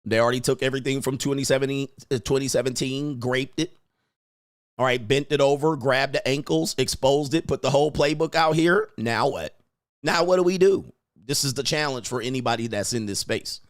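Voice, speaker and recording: This man hosts a livestream with loose, slang-filled commentary, laughing often and mimicking people as he goes. His mid-range voice is brisk, and the recording is dry with clean studio sound.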